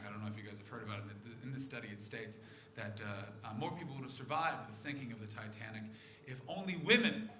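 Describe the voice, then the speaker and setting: A male stand-up comedian on a comedy club stage, talking brashly and profanely and breaking into loud shouts. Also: medium pitch. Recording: echoey club room with audience noise.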